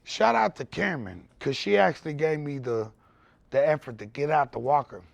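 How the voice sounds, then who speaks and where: A man with a deeply gravelly, crackling voice that sits a little high for a man. He tells his story loudly and animatedly, swearing freely, as a podcast guest. The recording is dry and close. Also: lively intonation, normal speed, no room sound. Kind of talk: candid storytelling conversation.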